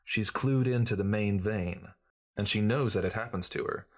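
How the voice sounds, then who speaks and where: A man's voice: on the low side, moderate pace, natural voice. A man reading as a glib, cynical journalist who lectures breezily in an audiobook. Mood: lecturing. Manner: breezy, lecturing, know-it-all.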